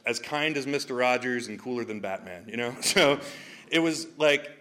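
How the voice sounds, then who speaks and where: A young adult stand-up comedian tells an audience jokey personal stories, laughing often and leaning on lots of fillers. His mid-range voice is pushed and bright at a normal speed.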